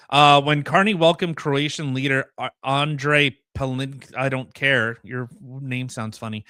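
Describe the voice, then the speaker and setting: A man's voice: medium pitch, sharp tone, dry recording, clean studio sound. A man co-hosting a podcast, giving casual political commentary and reading news articles aloud with blunt, sarcastic asides. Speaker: podcast co-host.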